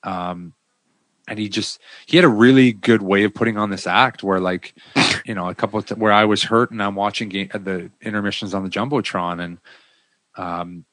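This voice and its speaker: A man's voice: fairly low pitch, fairly even intonation, normal speed, fairly bright tone, dry recording. A man who is a former pro hockey player, speaking as a podcast guest in a blunt, candid, casual way. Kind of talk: casual interview chat.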